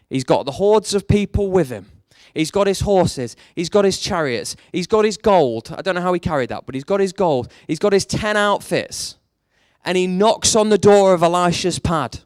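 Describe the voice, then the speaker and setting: A male preacher giving a sermon in a fairly high voice, telling the story with lots of animation. He drops low and quiet, then pushes out strong lines, and the sound is close and dry. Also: moderate pace, no echo. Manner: animated storytelling, swings between hushed and emphatic.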